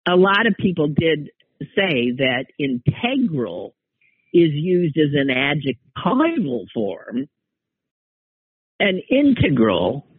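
A man's voice: a little high, husky, no room sound. A man hosting a casual solo monologue, rambling and wry, often trailing off and starting over. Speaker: podcast host. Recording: tinny phone-like dry sound.

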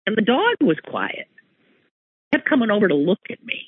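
A man telling a personal anecdote in an animated, exclaiming way, breaking off and restarting mid-sentence. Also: high-pitched, normal speed, breathy edge, dry recording. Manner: animated, exclaiming, self-interrupting. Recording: tinny phone-like line, dry.

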